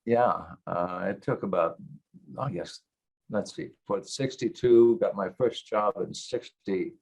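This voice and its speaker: A man's voice: on the low side, a little slow, gravelly, darkish tone. A man in his eighties, a guest actor, telling rambling wry anecdotes in a casual interview. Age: 80s. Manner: many fillers and restarts.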